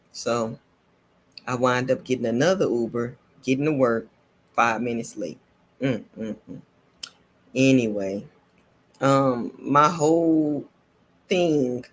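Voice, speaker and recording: A woman vlogger telling a personal story in a casual, animated way, repeating herself and laughing between lines. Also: rumbling low.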